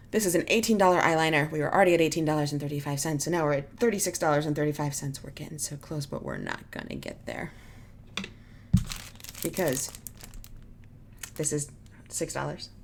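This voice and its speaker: A woman's voice: sits low, creaky, a little hiss or hum. A woman in her thirties chatting casually at home as she unboxes beauty products, wry and self-mocking as she works through the prices. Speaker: beauty vlogger.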